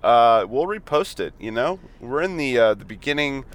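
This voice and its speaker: A man in his ordinary middle register, talking in loose, joking banter as he co-hosts a podcast from inside a car. His tone is relaxed and conversational, like friends chatting on a drive. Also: medium pitch, normal speed. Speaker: podcast co-host. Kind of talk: casual chat.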